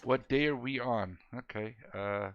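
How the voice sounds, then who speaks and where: Gravelly laid-back male game streamer. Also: mid-range voice, measured pace, dull audio. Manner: laid-back, joking, laughs often, thanks chatters. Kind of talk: casual gameplay chat with viewers.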